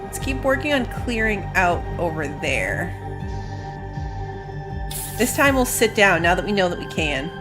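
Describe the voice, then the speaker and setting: A tired woman with school-age kids streams a game, chatting casually through let's-play commentary, rambling and yawning now and then. Her lowish voice swings widely in pitch at a slightly slow pace with long pauses, with music in the background.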